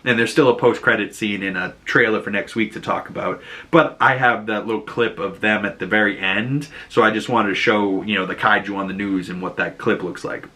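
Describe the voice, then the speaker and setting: A man's voice: fairly low pitch, steady tone, fairly quick, bright, forceful tone. A man with a Boston accent casually retelling and reviewing a TV episode, chatty and full of fillers, acting out quoted lines. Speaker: show reviewer.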